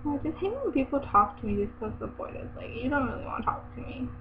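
A teenage girl rambles through a casual webcam vlog, giggling and exasperated. Her voice sits high, and the audio is tinny and phone-like with a faint hiss underneath. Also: expressive, fast talker.

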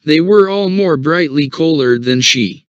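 A man narrating a short story for English learners in an even, measured reading. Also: a little high, clean tone, no room sound. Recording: dull, dry recording.

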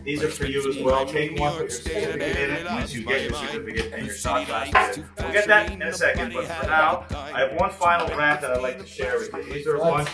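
A man's voice: fairly high pitch, fairly quick, few pauses, reverberant, recorded from a distance, loud music behind the voice, low-quality recording. A man from Newfoundland with its accent, hosting a comic ceremony at a bar and drilling the crowd in local phrases. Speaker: bar host leading a screech-in ceremony.

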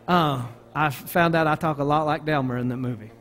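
Southern American pastor telling a story. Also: male voice, on the high side, a little fast. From Arkansas. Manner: animated storytelling with frequent restarts. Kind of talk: sermon.

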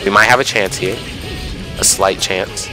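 A young man giving excited, self-mocking commentary over his own online fighting game matches, often yelling at big moments. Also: sits low, measured pace. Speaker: gaming YouTuber. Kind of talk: live gameplay commentary. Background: background music.

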